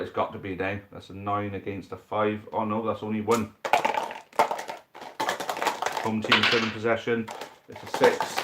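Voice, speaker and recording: A man commentating a football dice game live for a stream, building excitement at big moments and chatting to viewers as mates. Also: lowish voice, very noisy.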